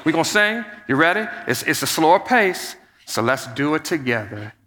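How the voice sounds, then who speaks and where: A middle-aged man, the pastor, giving an earnest, conversational sermon to his church that drops to a soft hush in prayer. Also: fairly high pitch, very animated, normal speed. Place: church sanctuary. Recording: long reverb of a large church hall.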